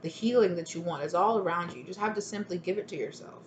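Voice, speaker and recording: A woman's voice: fairly low pitch, quick pace, very noisy. A woman giving a casual spoken tarot reading, rambling and chatty, with many fillers and restarts. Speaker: tarot reader.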